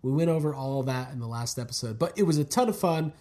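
A man hosting a podcast in casual, animated banter, joking and swearing freely. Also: medium pitch, quick pace. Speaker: podcast host.

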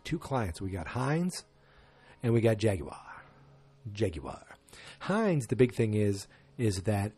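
A man's voice: on the low side, mellow, husky. A man giving a casual, rambling recap of an episode, with wry asides.

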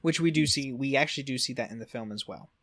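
A man's voice: mid-range voice, fast talker, fairly bright tone. A man co-hosting a casual podcast, reading through lore notes with frequent fillers and self-corrections. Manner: reads notes with frequent fillers and self-corrections, stumbles over French words. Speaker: podcast co-host.

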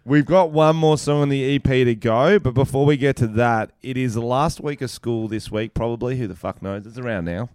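Young Australian podcast host, relaxed storyteller with loose swearing; smooth, clean voice in a dry room. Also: male voice, medium pitch, a little fast, few pauses, no room sound. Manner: laid-back, swears freely, tells stories with quoted voices. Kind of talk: casual chat.

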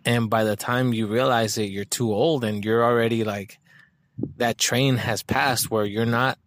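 A man's voice: mid-range voice, slight background noise. A man talking casually in a monologue, swearing often and rambling with lots of filler words.

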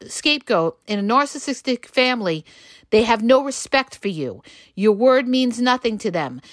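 A woman's voice: a little high, a bit bright, no echo, clean studio sound. A woman hosting a solo advice podcast, talking emphatically, repeating her points and checking in with "okay?". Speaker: podcast host.

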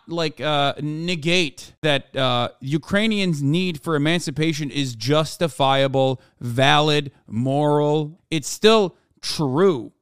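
A man's voice: fairly high pitch, a bit bright, clear, resonant tone, no room sound, studio quality. Sarcastic, profane male streamer. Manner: reads chat comments aloud; fast when reading articles. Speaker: political streamer. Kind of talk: live-stream commentary, reading news aloud.

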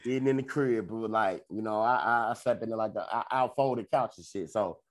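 A man's voice: fairly low pitch, a little fast. A man, telling a loose, profane weekend story on a podcast and slipping into quoted voices. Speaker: podcast co-host. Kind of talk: casual storytelling chat.

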